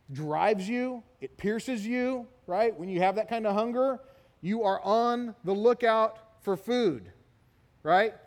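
A middle-aged man preaching a sermon, telling stories in an animated way and often asking "right?". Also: sits high. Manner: animated storytelling, repeated "right?" tags. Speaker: pastor. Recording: long hall reverb.

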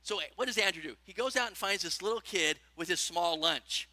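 A man's voice: high-pitched, fairly quick, no room sound. A man preaching a sermon and asking his listeners questions as he teaches. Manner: animated preaching, asks the congregation questions. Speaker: pastor.

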